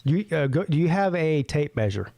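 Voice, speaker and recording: Co-host: man with a somewhat high, very lively voice, teasing and chatty. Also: a little fast, gravelly. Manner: teasing, animated questioning. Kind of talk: casual chat.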